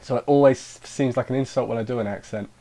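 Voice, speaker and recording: A man talking through an anime episode in a loose, chatty review at a mid-range pitch. He wanders off into jokey asides and restarts his sentences often, then drifts back to the plot. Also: fast, mellow. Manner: rambling, self-interrupting, with jokey asides. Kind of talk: casual spoken review.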